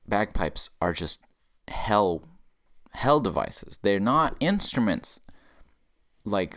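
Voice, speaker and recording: Male comedian, lowish voice, casual profane rant, rambling delivery. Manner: rambling, profane, swings from mumbling asides to loud bursts. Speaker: podcast comedian.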